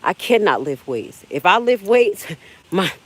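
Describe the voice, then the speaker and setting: A woman's voice: mid-range voice, sing-song, measured pace, slightly rough, rough recording. A woman in her forties hosting a casual live walking vlog from an outdoor park, chatting straight to her viewers as she climbs steps and gets winded. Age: 40s. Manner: chatty, talks straight to viewers as "y'all" and "baby". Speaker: livestream host.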